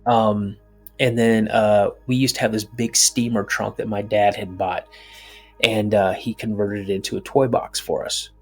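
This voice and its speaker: A middle-aged man telling a personal story as a podcast guest, animated and full of restarts. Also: lowish voice, slightly rough.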